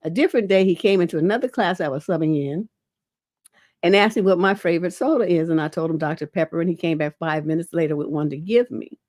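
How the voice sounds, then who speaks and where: A woman's voice: on the low side, quick pace, a little mellow, dry recording, studio quality. Blunt, casual woman relationship coach. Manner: blunt, casual, peppered with "you know". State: lingering cough. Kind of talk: livestream advice show, reading and answering questions.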